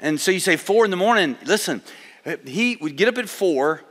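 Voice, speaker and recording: A middle-aged man preaching a sermon, swinging from loud exhortation to hushed personal storytelling. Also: high voice, expressive, normal speed. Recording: long hall reverb.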